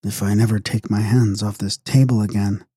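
A man's voice: on the low side, fairly even intonation, moderate pace, mellow, breathy edge, no echo, studio quality. A man voicing a bored, peevish young woman who complains in a whiny tone. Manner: petulant, whiny.

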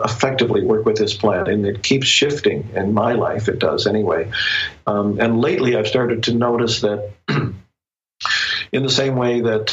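Thoughtful low-voiced man, dull lo-fi audio. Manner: reflective, thoughtful, pauses often to find words. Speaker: author and interview guest. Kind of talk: casual interview conversation.

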